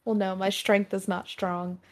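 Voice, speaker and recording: A woman's voice: mid-range voice, level tone, a little slow, darkish tone. A woman playing in a tabletop game, playful and exclaiming. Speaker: player.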